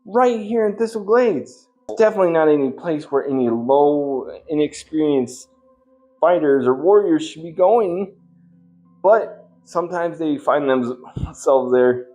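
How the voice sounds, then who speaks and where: A man's voice: mid-range voice, a little mellow. A man hosting a gaming channel and doing comedic in-character role-play, chatty and coaxing, often stammering and repeating his words.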